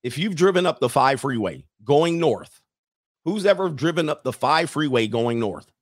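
A man's voice: a little high, lively intonation, normal speed. A man hosting a livestream in a casual, rambling monologue, joking along and reading out viewer comments. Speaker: livestream host.

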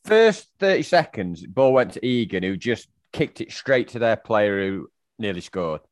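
A man co-hosting a football podcast, animated as he recounts the match. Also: fairly low pitch, unhurried, dry recording, studio quality. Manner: animated, recounts match moments, mimics the crowd. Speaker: podcast co-host. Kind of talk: casual football chat.

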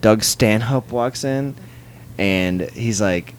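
Low-voiced man telling a rambling story. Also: unhurried, a little hiss or hum. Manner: profane, rambling anecdotes with acted-out quotes. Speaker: comedian guest. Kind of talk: drunken casual storytelling. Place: hotel room.

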